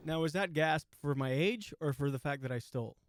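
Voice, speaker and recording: This comedian host, a man in his forties, has a slightly high, brisk voice. He tells a rambling, self-mocking comic story full of restarts and asides in a monologue.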